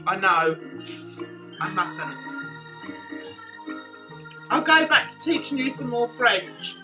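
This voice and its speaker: A woman's voice: on the high side, very animated, slow pace, music in the background. A woman chatting casually on her livestream, playful and laughing at her own jokes. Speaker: livestream host.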